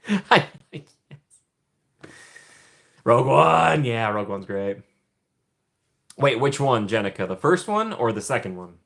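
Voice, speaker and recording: A man's voice: medium pitch, very animated, normal speed, vocal fry, fairly bright tone. A young man hosting a casual livestream from home, chatting with viewers in a rambling way, laughing often and trailing off. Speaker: livestream host.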